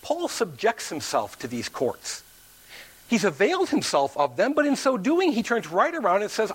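A man's voice: a little fast, breathy edge. A man preaching a sermon to his church, telling a story and acting out the people in it. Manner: animated preaching, acts out quoted voices with big pitch swings. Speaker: pastor.

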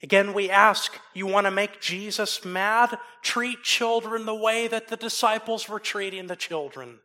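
A pastor preaching from the pulpit in a high, clear, bright voice. He speaks slowly and deliberately and moves between forceful emphasis and soft, low asides. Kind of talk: sermon.

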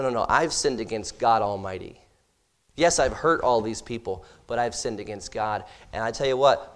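A middle-aged male pastor delivering a sermon to a congregation. His voice sits a little high for a man. He swings between quiet, low confiding passages and loud, emphatic appeals. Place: church hall with congregation.

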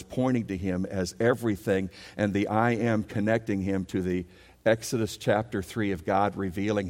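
A man preaching a sermon as pastor, animated and leading his congregation in call-and-response. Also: lowish voice, big-room sound.

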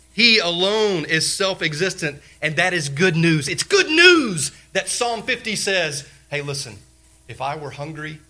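A male pastor preaching a sermon, repeating key phrases emphatically and swinging between loud declarations and hushed lines. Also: a little high.

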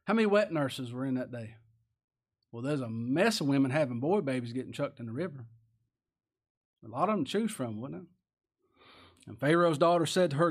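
A man preaching a sermon in a folksy, plain-spoken way, often asking his listeners questions and raising his voice to loud cries for emphasis. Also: fairly high pitch, animated, a little fast.

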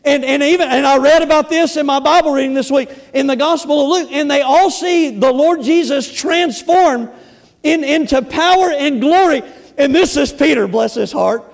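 High-voiced man preaching emphatically. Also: vocal fry. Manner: emphatic, repeats words, shifts between loud bursts and slow stresses. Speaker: pastor. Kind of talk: sermon.

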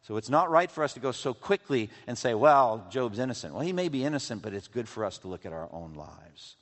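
A man's voice: mid-range voice, very animated, fairly quick. A man preaching a sermon, reading scripture aloud and pressing his listeners with emphatic questions. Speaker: pastor. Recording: reverberant hall, voice from a distance.

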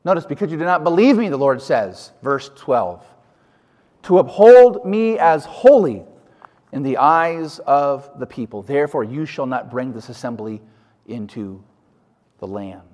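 Animated preacher in a reverberant hall. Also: male voice, mid-range voice, a little slow. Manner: emphatic, asks the listeners questions. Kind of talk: sermon.

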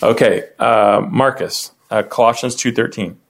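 A man teaching a casual Bible study class in a conversational way, calling on people by name to read, and often rising in pitch as he explains. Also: a little slow, gravelly.

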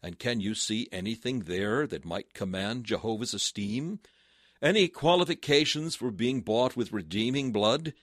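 A man's voice: fairly low pitch, normal speed, a bit bright, no room sound, studio quality. A man preaching a sermon in a solemn voice that rises to fervent exclamations. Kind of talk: sermon reading.

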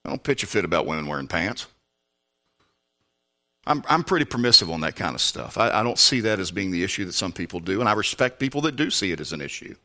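A man pastor preaching in church with a very bright, cutting tone. His pitch ranges widely, and he moves from low, measured talk to shouted preaching. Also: sing-song. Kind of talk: sermon.

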